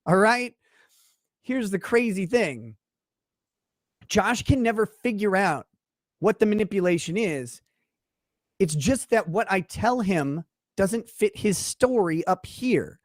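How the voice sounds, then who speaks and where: A man's voice: high voice, lively intonation, takes it slowly, long pauses, no echo, studio quality. A man in a played stream clip, talking about someone in a dismissive, condescending, breezy way. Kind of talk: casual stream monologue.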